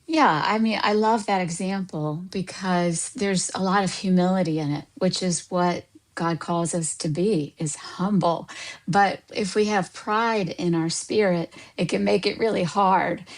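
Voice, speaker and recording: A woman who works as a counselor and coach, a guest on a radio talk show, explaining in a warm, thoughtful way. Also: fairly low pitch, measured pace, rough recording. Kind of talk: radio interview.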